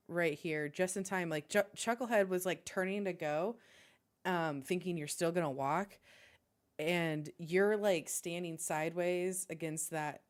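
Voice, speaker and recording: A young woman running a tabletop game as game master, animated and often breaking into laughter. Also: lowish voice.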